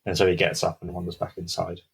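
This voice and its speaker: Brief: male podcast co-host, deep and husky, casual storyteller with suspenseful hushes. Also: completely flat delivery, low-quality recording. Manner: dramatic pauses, hushed build-ups.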